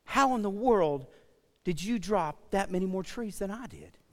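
A man's voice: sits high, expressive, unhurried, long reverb tail, voice pushed up. A man voicing a proud young woodsman who sounds baffled and pleading, in a sermon story. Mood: bewildered. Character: young boastful male woodsman, bewildered.

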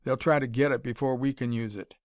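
A man's voice: mid-range voice, fairly even intonation, a little fast, no room sound, close to an everyday voice. A man voicing a bold young male inventor who speaks with a dry, wry edge.

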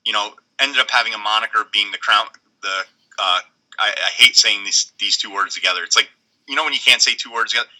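A middle-aged man co-hosting a casual podcast chat, blunt and rambling with halting restarts. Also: on the low side, pushed and bright, rough recording. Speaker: podcast co-host.

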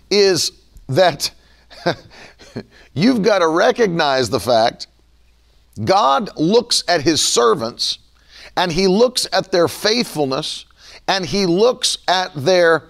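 A man preaching a sermon in an animated style, sometimes acting out the voices of people he quotes. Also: high-pitched, slow, gravelly, pauses often.

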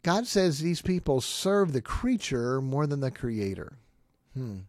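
A middle-aged man preaching a sermon, firing off rhetorical questions and quick quips, with sudden loud bursts. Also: medium pitch, big pitch swings, dry recording. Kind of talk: sermon-style teaching.

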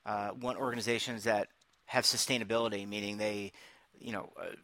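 A man's voice: fairly low pitch, fairly even intonation, pushed and bright, dry recording. A man hosting a talk show, chatting casually, joking and introducing guests. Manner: upbeat, joking, quick asides. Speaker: show host.

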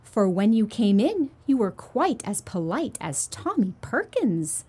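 A woman's voice: mid-range voice, very animated, unhurried, mellow, husky. Delighted storybook townsfolk, voiced by a woman; fussing and cooing, in no hurry. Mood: admiring. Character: a crowd of townsfolk, delighted and admiring.

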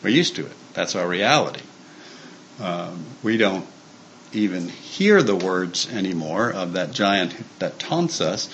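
A man's voice: low-pitched, sing-song, unhurried, a bit bright, slight background noise, poor audio. A man giving an informal sermon to a church staff group, conversational and full of fillers and restarts. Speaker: church speaker.

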